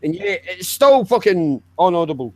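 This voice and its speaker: A man's voice: high voice, very animated, moderate pace, a little hiss or hum. A man with a Glasgow accent chatting casually on a stream, swearing freely and teasing. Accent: Scottish, Glasgow. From Scotland. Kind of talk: casual chat.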